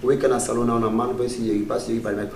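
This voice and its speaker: Speaking fast in a mid-range, level voice, the male comedian guest laughs a lot during a relaxed interview. His phrasing is broken and pidgin-tinged, and the audio sounds far off and roomy, with a little background noise.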